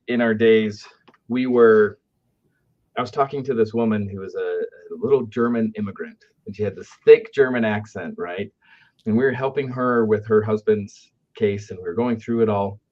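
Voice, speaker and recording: A man from an aftercare company tells customer service stories in a conversational, business-anecdote style, regularly checking in with the listener by asking "right?" His voice is fairly low and his pace moderate, captured on dull lo-fi audio.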